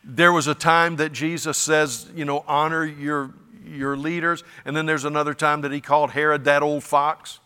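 A man's voice: on the high side, flat delivery, normal speed, few pauses, sharp tone, clear, resonant tone, in a large hall. Folksy, emphatic preaching man. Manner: folksy and emphatic, with stammered restarts. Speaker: pastor. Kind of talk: sermon. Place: church sanctuary.

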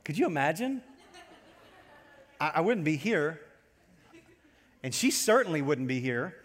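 A man preaching a sermon to his congregation as pastor, animated and storytelling as he goes. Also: fairly high pitch, a little slow, big-room sound.

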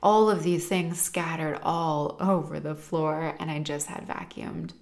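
Woman in her thirties, earnest chatty parenting talk, lots of fillers, slightly low voice. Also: fairly even intonation, measured pace, creaky. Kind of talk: casual talk to camera.

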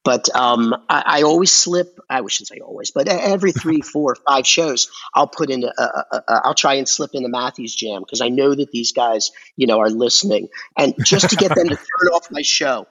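Record store owner, male guest, halting rambling chat, dull lo-fi audio. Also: mid-range voice, fairly bright tone, husky. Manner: rambling, halting with many restarts and fillers. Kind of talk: casual conversation.

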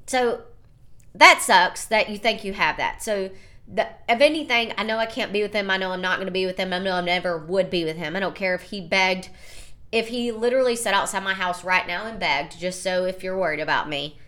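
Bright-voiced woman, candid and emotional. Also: medium pitch, fairly quick. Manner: candid and emotional, rambling with many fillers. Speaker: podcast host and small business owner. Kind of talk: casual confessional monologue.

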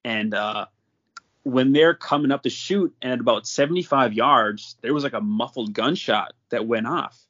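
Brief: young man, casual storyteller, mid-pitched, laughing often, muffled lo-fi audio. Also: moderate pace. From North Dakota. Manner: animated, laughs often while telling. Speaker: podcast guest.

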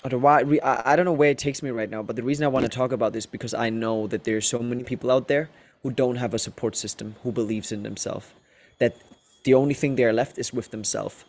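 A man's voice: mid-range voice, fairly even intonation, fast, a little mellow. A man whose first language is German, hosting a podcast, who rambles and leans on filler words. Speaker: podcast host. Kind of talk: casual interview chat.

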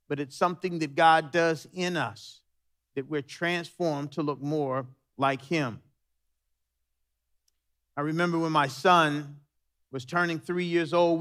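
Man preaching a sermon, pastor, kinda high voice, tells stories with lots of energy. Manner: animated, storytelling preacher.

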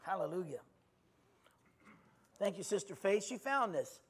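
A man preaching a sermon, leading the congregation in loud, emphatic call-and-response declarations and repeating his phrases. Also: sits high, expressive, slightly rough. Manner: emphatic, repeats phrases, stretches words slowly while shouting. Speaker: pastor.

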